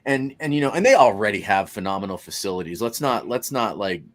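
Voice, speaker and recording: A man's voice: on the low side, expressive, fairly quick. A man co-hosting a casual sports podcast, rambling with many fillers and restarts. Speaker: podcast co-host.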